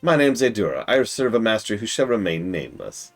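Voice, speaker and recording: A smug, menacing male villain read out by a man on a game stream draws out his threats slowly. The voice is low and a little husky, sneering at everyone around him. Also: sing-song, soft background music. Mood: haughty. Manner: haughty, slow and menacing. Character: arrogant male villain servant of a nameless master. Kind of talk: reading game dialogue aloud in character.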